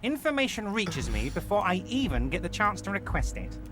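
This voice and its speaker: A smug, honey-voiced union boss. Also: male voice, sits high, sing-song, a little fast, loud music behind the voice. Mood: pompous. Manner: honeyed, patronizing, falsely soothing. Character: smug, smooth-talking middle-aged union boss man. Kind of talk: video game voice acting.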